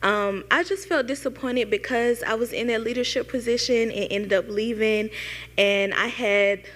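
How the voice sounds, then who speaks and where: A young woman in the audience asking a long, halting question, full of fillers and near tears. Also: on the high side, steady tone, a bit bright, long reverb tail. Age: young adult. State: tearful. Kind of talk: emotional question at a panel event.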